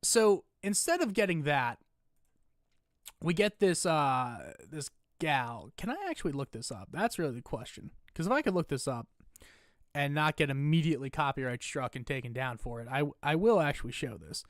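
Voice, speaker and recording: A young man streaming casually, rambling and putting himself down, turning loud and animated when he rants. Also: on the high side, normal speed, no echo, clean studio sound. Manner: rambling, self-deprecating, gets loud and animated when ranting. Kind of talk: casual chat.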